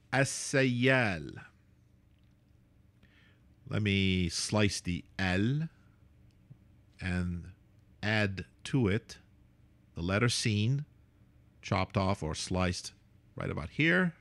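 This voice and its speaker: Playful male teacher, slow and lively, dry close sound. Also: dry recording. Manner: playful, self-mocking, lively pitch. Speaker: Arabic calligraphy teacher. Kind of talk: relaxed teaching with asides.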